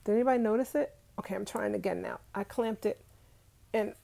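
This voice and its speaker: Brooklyn-born woman in her 40s, warm mellow voice, chatty and laughing, talking to viewers on her phone. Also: medium pitch, a little fast, creaky. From Brooklyn, New York. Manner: chatty, laughs often, answers viewer comments. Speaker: vlogger. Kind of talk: casual live chat with viewers. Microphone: phone held in hand.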